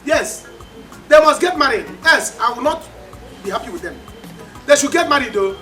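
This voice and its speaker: A woman's voice: high-pitched, animated, moderate pace, faint music behind. Woman playing a brash, boastful Nigerian bully. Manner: loud, boastful, repetitive. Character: brash scheming woman bullying her family. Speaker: actor. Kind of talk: Nollywood film acting.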